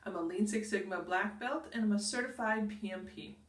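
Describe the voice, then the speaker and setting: A woman's voice: medium pitch, a little fast. Middle-aged female host giving career tips to camera: upbeat, emphatic, recorded with room echo from a distant mic. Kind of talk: direct-to-camera advice video.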